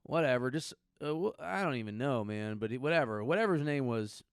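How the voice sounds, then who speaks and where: A man's voice: medium pitch, animated, a little fast, hardly any pauses, smooth, no room sound, clean studio sound. A man in his thirties hosting a comedy podcast, riffing profanely on odd news stories and slipping into mock voices.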